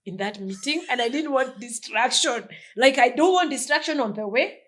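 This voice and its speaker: A middle-aged woman from Kenya, a guest telling a personal story in a casual interview, repeating phrases and dropping from loud bursts to hushed tones. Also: high voice, expressive, normal speed.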